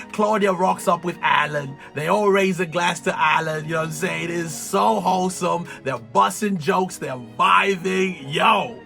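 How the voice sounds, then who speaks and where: A man giving an excited, slangy recap of a TV show, laughing and exclaiming often. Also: high voice, measured pace, gravelly, hardly any pauses, faint music behind. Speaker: TV recap vlogger.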